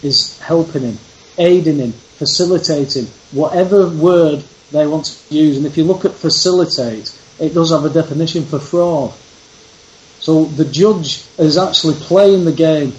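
A man's voice: a little high, moderate pace, darkish tone, a little hiss or hum. Emphatic man, roomy dull audio. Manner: emphatic, telling a personal story. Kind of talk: casual conversation. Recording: roomy, dull lo-fi sound with faint background.

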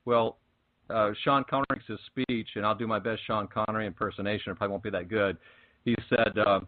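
A man's voice: lowish voice, fairly even intonation, brisk, dry recording. A man hosting a spiritual talk show, speaking with fervent, preachy emphasis in casual chat. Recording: tinny phone-like line.

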